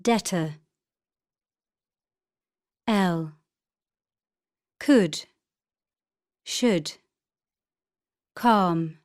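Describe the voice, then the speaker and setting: A woman's voice: fairly low pitch, clear, resonant tone. A woman reading single vocabulary words and short explanations for a course, carefully articulated. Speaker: audio narrator for a vocabulary course. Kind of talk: scripted instructional reading.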